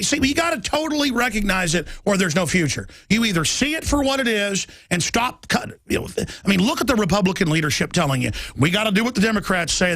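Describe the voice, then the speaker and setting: A middle-aged man hosting a talk radio show, ranting in a heated, rapid political monologue. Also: on the high side, gravelly, a bit bright, no room sound.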